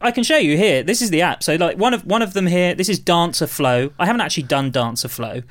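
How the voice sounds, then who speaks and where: A man's voice: on the high side, expressive, fast talker, no echo. A man co-hosting a podcast, explaining things in a chatty, rambling way. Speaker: podcast co-host. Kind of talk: casual chat.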